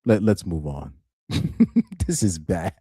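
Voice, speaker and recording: Man, young adult, live reaction streamer, slow drawl, laughs a lot, repeats phrases, dark mellow tone, dry sound. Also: sits low, breathy edge, dry recording. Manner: laughs often, repeats himself, stammering restarts.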